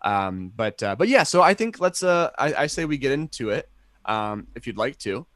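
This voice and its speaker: A man's voice: medium pitch, very animated, moderate pace, a bit bright, no echo. A young adult man co-hosting a casual podcast chat, rambling enthusiastically with many fillers and restarts. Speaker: podcast co-host.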